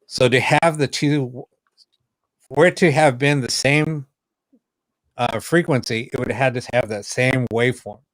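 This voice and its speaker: A man of middle pitch tells a story in loose, casual chat. He keeps acting out what others said, lifting his voice to play them. The sound is dry and close, with no room echo. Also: a little slow, long pauses. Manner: animated, acts out quoted dialogue. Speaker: podcast co-host, paranormal investigator.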